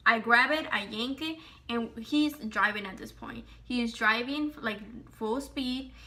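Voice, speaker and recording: A young woman telling a personal story in a casual vlog, animated and slangy, full of "like" and swearing. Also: a little high, unhurried.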